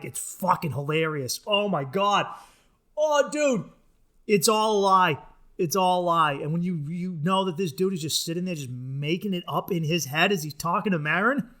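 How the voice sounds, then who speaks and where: Male comic hosting a podcast, high-ish voice, swearing, ranty solo monologue. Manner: profane, ranting, animated. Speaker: comedian and podcast host.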